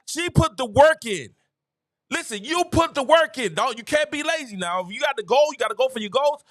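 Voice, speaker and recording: A middle-aged man hosting a live stream, ranting casually to his viewers in an animated, preachy way and repeating phrases for emphasis. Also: very high-pitched, fairly quick. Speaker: live-stream show host. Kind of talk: casual opinion rant to viewers.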